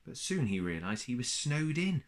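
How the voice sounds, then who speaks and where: A man reading a children's story aloud in a gentle, expressive way. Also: mid-range voice, normal speed.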